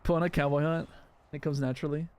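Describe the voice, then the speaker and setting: A man's voice: a little high, steady tone, fast talker, a little mellow, clean tone. Rambling man chatting over gameplay. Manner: rambling, answers chat, restarts often. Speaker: gaming video creator. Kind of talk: casual live gameplay chat.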